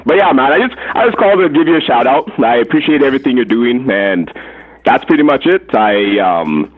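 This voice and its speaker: A man's voice: medium pitch, lively intonation, brisk, slightly rough. A man from Canada calling in to a radio show, earnestly thanking the host. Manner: earnest, grateful. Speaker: caller. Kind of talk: phone call to a radio show. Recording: muffled phone line with music.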